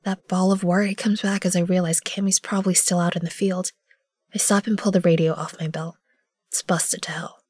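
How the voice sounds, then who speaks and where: A woman gives first-person narration for an audio drama, measured and often dropping to a hush. Her voice sits a little low and sounds dry and close to the mic. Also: little pitch movement, no echo. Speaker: narrator and lead character.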